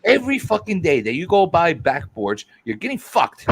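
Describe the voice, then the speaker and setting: A man's voice: fairly high pitch, wildly swooping pitch, normal speed, background noise. A man hosting a livestream who rants in a heated, profane way and keeps repeating himself while he builds his point. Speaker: livestream host.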